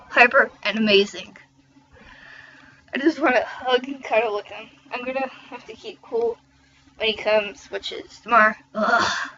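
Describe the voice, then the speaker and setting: A woman's voice: a little high, bright, forceful tone, highs cut off, a little hiss or hum. A teenage girl reading fan fiction aloud with giggly, chatty asides. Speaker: reader.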